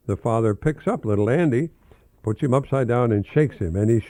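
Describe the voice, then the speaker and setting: An older professor hosting a radio talk, reading children's jokes aloud in a rambling, fond way and chuckling often. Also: male voice, mid-range voice, fairly quick, warm tone.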